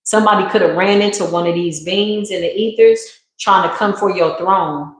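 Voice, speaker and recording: A woman reads tarot live and talks in an emphatic, slangy, preacherly way. Her voice sits at a middle pitch. It rings through a very echoey room. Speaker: tarot reader. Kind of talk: live spiritual tarot reading.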